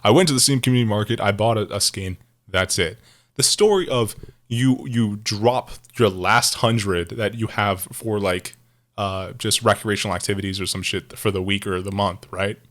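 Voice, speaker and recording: A man's voice: on the low side, normal speed, fairly bright tone. A man co-hosting a podcast in casual chat, rambling through his points with frequent laughter and casual swearing. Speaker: podcast co-host.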